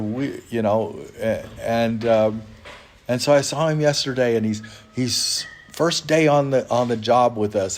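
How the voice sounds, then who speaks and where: Halting, earnest man sharing ministry news. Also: medium pitch. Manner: halting, many restarts, grows emotional. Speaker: ministry leader. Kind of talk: informal spoken appeal. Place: hotel in Uganda.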